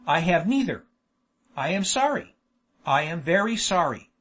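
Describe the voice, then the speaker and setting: A man's voice: sits high, sing-song, a little slow, fairly bright tone, exaggerated voice. A man reading an audiobook, voicing a miserly, fearful old male trader who whines and shrieks. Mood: whining. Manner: whining, shrieking lamentation.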